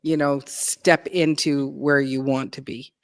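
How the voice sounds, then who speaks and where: A woman's voice: very deep voice, level tone, unhurried. A woman co-hosting a casual livestream chat, loose and playful, with many restarts.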